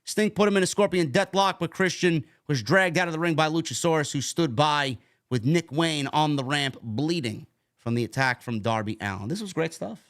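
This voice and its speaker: A man's voice: fairly high pitch, normal speed, fairly bright tone. A man casually recapping a wrestling show, rambling and repeating words as he talks. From New York.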